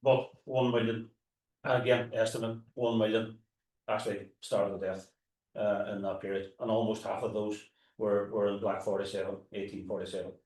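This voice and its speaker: A man's voice: fairly low pitch, level tone, normal speed, darkish tone. A man with a Derry accent, a tour guide and historian, talking informally to a live audience, with frequent restarts and asides. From Northern Ireland. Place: forum hall. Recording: roomy hall, mic at a distance.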